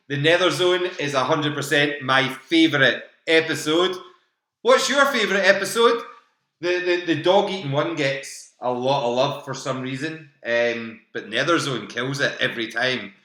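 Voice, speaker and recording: A man's voice: on the high side, lively intonation, measured pace, sharp tone, reverberant. A British man hosting a live online quiz from home, chatty, laughing often and repeating each question. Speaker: quiz host. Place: home room. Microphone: home computer mic.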